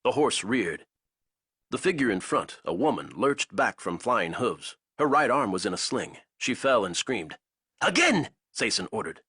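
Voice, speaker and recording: A man narrating an action audiobook in a dramatic, expressive way. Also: on the low side, unhurried, slightly rough, no room sound, studio quality.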